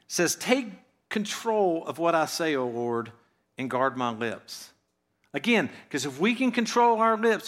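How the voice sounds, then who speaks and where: A man with a slightly high voice delivers a sermon to his church. He talks plainly and conversationally, tossing in rhetorical questions and dropping to a quiet tone at the ends of his phrases. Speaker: pastor.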